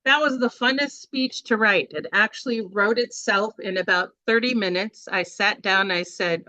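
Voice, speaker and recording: A chatty woman leads a workshop over a video call, rambling a little as she talks. Her voice is bright and forward, recorded dry with no room sound. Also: medium pitch, normal speed, hardly any pauses, no room sound. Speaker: workshop presenter.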